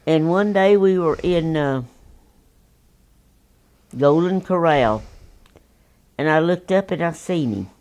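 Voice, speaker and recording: A woman's voice: low-pitched, expressive, slow pace, pauses often, darkish tone. A woman, telling oral history stories in a folksy, rambling, plainspoken way. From Texas. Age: 90s. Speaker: interviewee.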